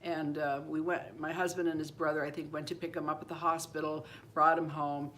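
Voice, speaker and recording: Speaking to camera on her own channel, this host in her seventies rambles through a true story from her life, returning again and again to "anyway" and "you know." Her low-sitting, fairly quick voice stays flat in pitch and sounds a bit bright, with slight background noise behind it.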